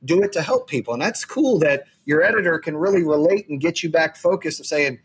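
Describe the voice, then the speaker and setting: A man's voice: on the high side, animated, fairly quick, breathy edge. A man hosting a podcast, chatting casually and earnestly, rambling with frequent restarts. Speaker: podcast host. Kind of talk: casual interview chat.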